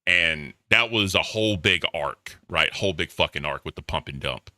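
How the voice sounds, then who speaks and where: Low, bright-toned male commentator, dry sound. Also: moderate pace, no room sound. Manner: offhand, opinionated, trails off into mutters. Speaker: commentary host. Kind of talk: casual commentary.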